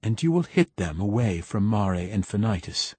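A man voicing a grave, commanding woman head of government in an audiobook, speaking in quiet, terse questions. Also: fairly low pitch, very animated, normal speed, slightly rough, dry recording.

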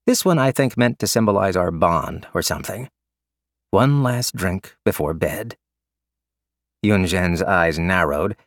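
A man narrating a story with casual, wry humor in a lowish voice. The recording is dry and close, with no room sound. His delivery is relaxed and conversational. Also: no echo. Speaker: audiobook narrator. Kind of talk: scripted narration.

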